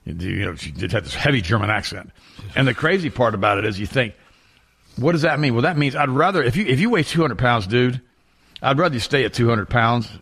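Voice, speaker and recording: A man's voice: medium pitch, animated, fairly quick, fairly bright tone, breathy edge. A man hosting a talk show, ranting emphatically about diet and repeating words to drive points home.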